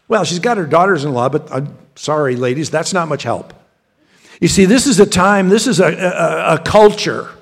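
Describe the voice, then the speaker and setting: A man, a pastor, preaching a sermon in a conversational way, often repeating words and restarting as he talks straight to his congregation. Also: high voice. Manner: addresses the congregation directly.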